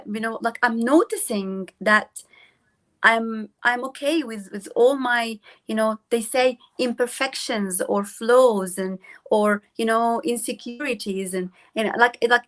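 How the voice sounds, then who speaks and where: A woman guest on a talk show, speaking reflectively and haltingly with many pauses and fillers. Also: a little high, a bit bright. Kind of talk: casual reflective chat.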